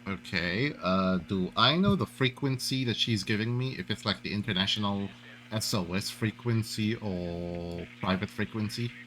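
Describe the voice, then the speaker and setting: Low-voiced man casually playing a tabletop game. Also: moderate pace, a bit bright, a little hiss or hum, low-quality recording. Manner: casual, hesitant, with many fillers. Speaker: player.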